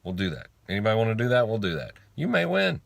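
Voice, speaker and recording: Talking fast with vocal fry, a man with a lowish voice swoops wildly in pitch, and there's no room sound. He's an online speaker on faith and money giving an informal motivational monologue that is blunt and emphatic, with repeated lines for effect and casual swearing.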